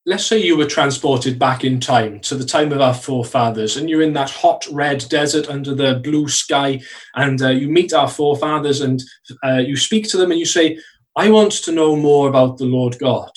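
A man preaching a sermon in a church, earnest, slowing down to stress key phrases. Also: mid-range voice, far from the mic, rough recording.

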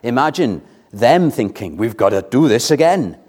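A man's voice: mid-range voice, big pitch swings, moderate pace, a little mellow. A man preaching an evening sermon in a church, earnestly putting rhetorical questions to the congregation.

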